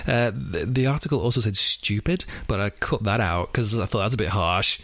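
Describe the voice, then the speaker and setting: A man's voice: lowish voice, moderate pace, a bit bright, no room sound. A young man co-hosting a casual true-crime podcast, rambling and jokey with lots of fillers. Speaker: podcast co-host.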